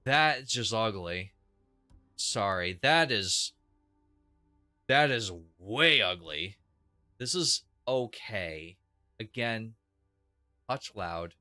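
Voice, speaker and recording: A man's voice: medium pitch, animated, extremely slow, pauses often, sharp tone, no room sound, studio quality, soft background music. A young man casually commenting on his own gameplay as a streamer, thinking aloud and judging what he sees. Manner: chatty, opinionated, thinks aloud with restarts. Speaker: game streamer.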